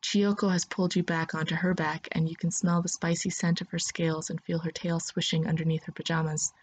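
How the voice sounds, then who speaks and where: A woman narrating a second-person story in a soft, steady voice. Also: on the low side, brisk, slight background noise.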